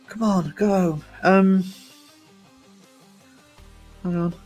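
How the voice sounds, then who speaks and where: A man on a casual live stream, chatty and teasing, greeting viewers by name and laughing often, talking from a gym while low on energy. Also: fairly bright tone.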